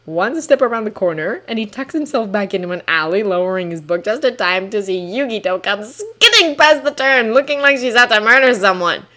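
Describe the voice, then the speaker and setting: A woman narrating a fan-written story as an expressive audiobook reading. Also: medium pitch, brisk, few pauses. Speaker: fanfiction reader.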